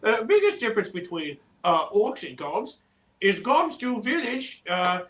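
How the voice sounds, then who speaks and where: A high-pitched tall goblin. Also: male voice, sing-song, measured pace, fairly bright tone, full character voice. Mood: rambling. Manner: rambling, full of "uh" and "you know". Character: tall easygoing male goblin with ogre blood. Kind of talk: in-character livestream interview.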